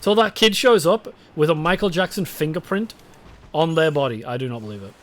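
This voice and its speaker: A man's voice: fairly high pitch, fairly quick, fairly bright tone. A young British man streaming a game, chatting casually with his chat, swearing and rambling. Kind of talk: casual live-stream chat while gaming.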